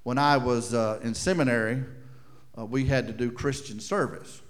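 A middle-aged man preaching a sermon, swinging from loud declarations to hushed asides and slowing down for emphasis. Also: medium pitch, steady tone. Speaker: pastor.

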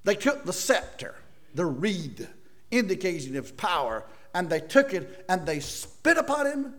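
A man preaching a sermon, swinging from loud dramatic bursts to hushed, near-whispered lines. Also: sits high, big pitch swings, a little slow.

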